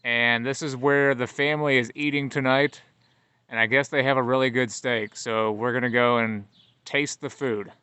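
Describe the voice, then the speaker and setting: A man's voice: mid-range voice, fairly even intonation, moderate pace, pushed and bright, clear, resonant tone, no room sound. A man from Iowa, a radio host, giving chatty, wry running commentary in a vlog while riding in a car. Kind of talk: casual travel vlog narration. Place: inside a moving car. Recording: road and car noise. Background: car and traffic noise.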